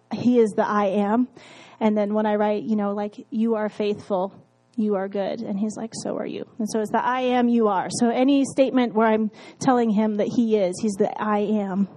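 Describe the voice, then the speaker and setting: A woman's voice: on the high side, warm tone, low-quality recording. A married woman casually telling her faith story, candid, with frequent fillers and laughs. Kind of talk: casual testimony talk.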